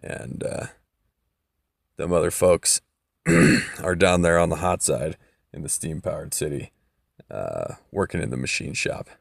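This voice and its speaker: A man's voice: a bass voice, expressive, measured pace, vocal fry, long pauses, no echo, clean studio sound. A man casually recapping a story, loose and profane, with lots of fillers.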